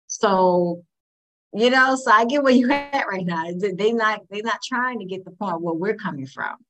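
A woman joining the conversation and chatting in a relaxed way, with small laughs. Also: mid-range voice, normal speed, low-quality recording. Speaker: group member chiming in. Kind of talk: casual conversation.

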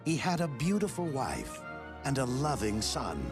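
A man's voice: mid-range voice, big pitch swings. Man narrating a film trailer. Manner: measured storybook delivery. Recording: film trailer clip over loud music.

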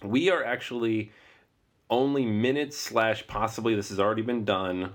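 A man's voice: fairly low pitch, normal speed. A man in his thirties from Seattle hosting a casual board game podcast, laughing easily and wandering into asides. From Seattle, US Pacific Northwest. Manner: relaxed, laughs often, rambling asides. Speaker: podcast host. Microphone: remote call recording.

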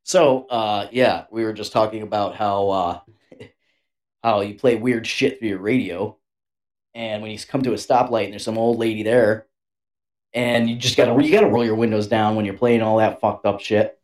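Lower-voiced male co-host, casual crude banter over a video call. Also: steady tone, moderate pace, darkish tone. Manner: profane, rambling. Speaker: podcast co-host. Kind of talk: casual chat.

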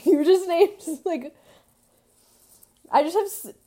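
A woman co-hosting a podcast in casual chat, animated and laughing often as she acts out quoted people. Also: very high voice, takes it slowly. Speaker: podcast co-host.

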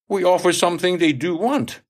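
A man's voice: high voice, fairly quick, pitched above the performer's own voice. A man reading aloud, voicing a curious sixteen-year-old male sailor who asks polite, eager questions. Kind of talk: audiobook reading.

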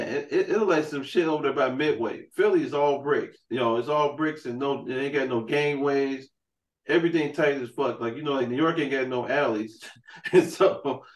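A man in casual podcast chat, swearing freely and rambling through stories full of "you know" and "man". His voice sits a little back from the mic in a roomy space, with middling pitch. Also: distant mic. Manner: loose, profane storytelling with frequent "man" and "you know". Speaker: podcast host.

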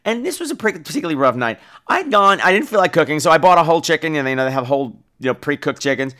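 Campy, lively storytelling podcast host. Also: male voice, a little high, racing. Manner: campy, expressive, theatrical. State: grieving, dazed. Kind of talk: comic storytelling monologue.

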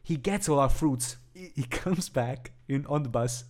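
A man's voice: mid-range voice, a little slow, darkish tone. A man co-hosting a podcast, telling a story in casual chat, rambling with restarts, swearing and laughing. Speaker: podcast co-host.

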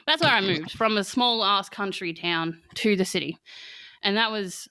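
A young Australian woman chatting candidly as a podcast guest, her voice smooth and clean. She laughs often and fills her sentences with "like". The close mic sounds dry, with no room around it. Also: medium pitch, normal speed, pushed and bright, no room sound. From country Victoria, Australia. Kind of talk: candid casual conversation.

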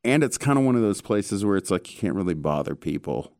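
A man hosting a casual chat, telling stories in an animated way with casual swearing. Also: low-pitched, a little fast, no room sound, studio quality.

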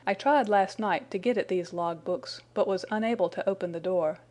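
A woman's voice: mid-range voice, moderate pace, a little mellow, lightly acted. A woman reading an anxious young man confessing. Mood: earnest.

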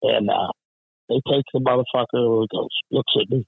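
A union representative's gravelly, breathy voice carries an animated workplace tale thick with swearing, as he acts out everyone's lines. His pitch is medium and his pace moderate, in a dry recording that sounds narrow and tinny.

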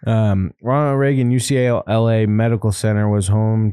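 A man's voice: medium pitch, moderate pace, few pauses, mellow, clean tone, no echo, clean studio sound. A man co-hosting a podcast in casual comedic chat, crude and joking, laughing often. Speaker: podcast co-host.

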